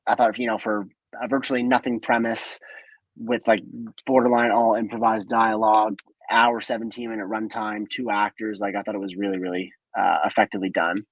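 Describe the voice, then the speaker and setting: A man co-hosting a podcast, giving measured opinions on a film in casual chat. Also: lowish voice, level tone, dry recording, rough recording. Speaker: podcast co-host.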